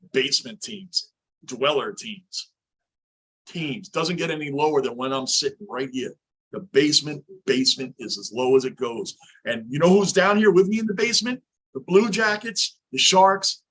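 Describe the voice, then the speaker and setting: Male stream host, high pitch, sharp tone, intense fan ranting live from a home basement. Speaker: livestream host. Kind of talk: live sports reaction commentary.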